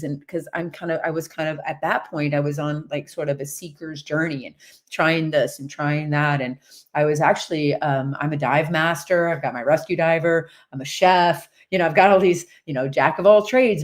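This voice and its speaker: Fifty-ish woman rambling thru a personal story, lots of "you know"s, laughs a lot, chatty. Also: low-pitched. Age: 50s. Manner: rambling and animated, with frequent fillers and laughs. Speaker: horse-based coach and community host.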